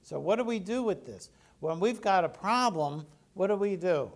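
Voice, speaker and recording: Preacher: man with a fairly high, gravelly voice, chatty sermon style, asks the room questions. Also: lively intonation, moderate pace. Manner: conversational, asks the congregation questions. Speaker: pastor.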